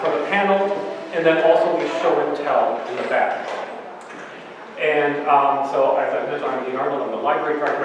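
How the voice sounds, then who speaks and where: A man in his fifties, out of breath, hosting a public talk as library director, chatty and joking with the audience. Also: on the high side. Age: 50s. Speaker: library director and event host. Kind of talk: welcoming remarks at a public talk. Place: lecture room in a historical society. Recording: echoey hall recorded from far off with noise.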